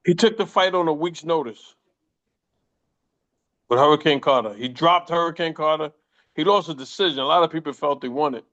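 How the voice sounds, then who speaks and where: Older guy, ex-boxer swapping stories, swears a lot, kinda high voice, muffled lo-fi sound. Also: a little fast, pauses often. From United States. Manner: profane, animated anecdotes with quoted voices. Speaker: former boxer, interview guest. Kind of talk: casual storytelling interview. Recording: muffled lo-fi audio.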